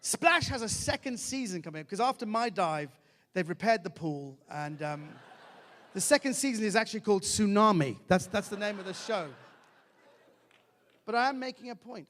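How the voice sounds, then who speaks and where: A middle-aged man doing live stand-up with a high, lively voice that jumps into mock characters and shouted punchlines. He is recorded on a large theatre stage, his voice trailing off in the long reverb of the hall. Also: fairly quick. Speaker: stand-up comedian. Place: large theatre stage before a laughing audience.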